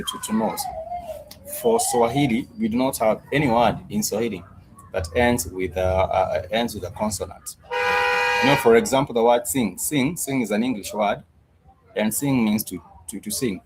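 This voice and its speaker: A man teaching a Swahili lesson online, patiently repeating words and drilling them slowly, with plenty of fillers and restarts. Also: lowish voice, background noise.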